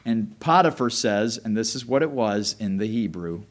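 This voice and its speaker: A man preaching a sermon as a pastor, telling a story in an animated, conversational way. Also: lowish voice, moderate pace, hardly any pauses. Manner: animated, conversational, often restarts.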